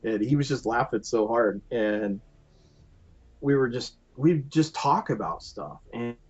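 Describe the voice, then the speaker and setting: A man guest on a podcast, telling a long story in an animated, rambling way full of fillers. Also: medium pitch, a little slow, husky. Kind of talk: casual anecdote telling. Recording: dull lo-fi podcast audio with faint music.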